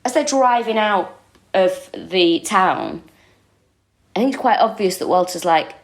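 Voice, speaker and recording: A woman's voice: medium pitch, expressive, measured pace. A woman co-hosting a true-crime comedy podcast, retelling a case casually and expressively, with frequent exclamations.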